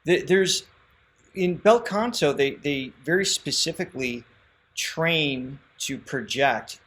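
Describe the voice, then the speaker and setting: A man with a fairly high, slightly bright voice hosts a casual reaction show from a remote spot away from his usual setup, talking slowly but enthusiastically. He explains vocal technique with frequent restarts, and there's slight background noise.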